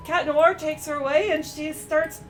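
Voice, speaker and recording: A high-pitched woman talks through a cartoon episode in a loose, chatty recap. She stays animated and fills her sentences with "uh" and "you know". Faint music plays softly behind her voice. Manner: chatty, animated, with many fillers and quick quoted voices. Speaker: streamer reviewing a cartoon episode. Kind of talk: casual reaction and recap.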